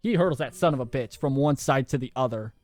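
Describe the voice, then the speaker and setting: A young man hosting a podcast, telling a story in a loud, animated way and swearing often. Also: mid-range voice, quick pace, no room sound, faint music behind. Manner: animated, swears a lot, laughs through his story. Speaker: podcast host. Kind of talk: casual storytelling.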